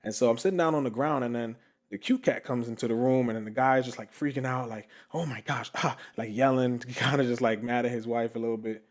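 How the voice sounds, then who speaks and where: A man's voice: mid-range voice, fast. A young man hosting a podcast, telling a story casually with lots of fillers and laughter. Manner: animated, laughing, many fillers. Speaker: podcast host.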